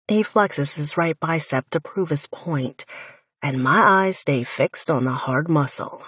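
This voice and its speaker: Woman audiobook narrator, slow and deliberate, breathy husky tone, lower-pitched, intimate wry first-person telling, dry close studio sound. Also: a bit bright, no echo. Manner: intimate, wry inner monologue.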